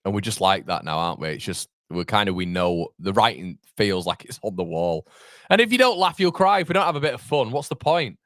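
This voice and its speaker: A man in his thirties hosting a live football watchalong, chatting with viewers in an animated, rambling way that jumps between laughter and fed-up rants. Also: fairly low pitch, brisk, no room sound, clean studio sound. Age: 30s. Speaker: fan channel host.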